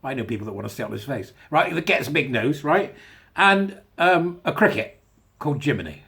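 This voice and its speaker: A man giving a rambling, casual commentary to his viewers, animated and sarcastic, with plenty of asides and filler. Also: medium pitch, fairly quick, creaky. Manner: meandering, chatty, with filler. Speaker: online commentator.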